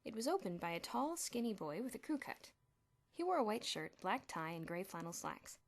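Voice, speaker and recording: Lively woman reading an audiobook. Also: medium pitch, normal speed. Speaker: audiobook reader. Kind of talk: audiobook narration.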